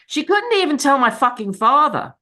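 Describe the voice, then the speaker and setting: A woman's voice: high voice, very animated, moderate pace, bright, forceful tone. A middle-aged woman giving a candid, emotional recovery share over a video call, swearing freely. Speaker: speaker at a recovery fellowship meeting.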